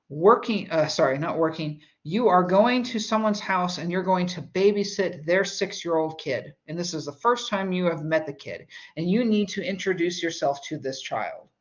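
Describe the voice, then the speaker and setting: A woman with a lowish voice delivers a recorded college English lecture. She keeps it conversational, working through everyday examples with casual asides. The sound is slightly dull and lo-fi. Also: expressive, normal speed.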